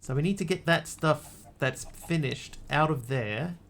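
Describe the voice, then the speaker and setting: A man's voice: fairly high pitch, unhurried, creaky, fairly bright tone. A man streaming a game, chatting casually to himself and his chat as he plays and thanks viewers. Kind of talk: casual live game commentary.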